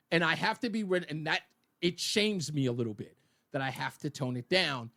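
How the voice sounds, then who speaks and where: A radio talk show host, a man who talks loud and booming as if addressing a crowd. His pitch swings widely and sits a little high for a man. He chats casually in a studio. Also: fairly quick. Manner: loud, booming, animated delivery. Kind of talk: casual on-air banter.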